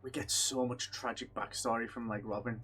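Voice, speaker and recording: A man talks in a relaxed, rambling way on a chat podcast, excited as he retells scenes. His pitch sits in the middle, and faint music plays underneath. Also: a little fast, slightly rough. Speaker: podcast co-host. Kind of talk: casual chat.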